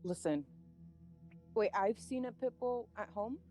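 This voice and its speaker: Lively playful woman player. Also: on the high side, faint music behind. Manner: playful, quick to joke and laugh. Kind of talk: in-character tabletop role-play.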